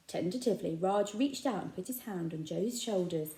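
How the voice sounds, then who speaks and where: A woman's voice: lowish voice, normal speed, few pauses. A woman reading a children's novel aloud, telling it with expression. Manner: expressive storytelling. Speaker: reader. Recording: echoey room.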